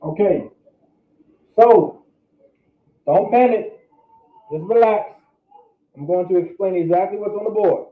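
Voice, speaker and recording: A man teaching a classroom pronunciation lesson, slowly repeating syllables again and again as he drills them. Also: high voice. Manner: slow, repetitive drilling of syllables. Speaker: language teacher. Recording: echoey room on a tinny lo-fi recording.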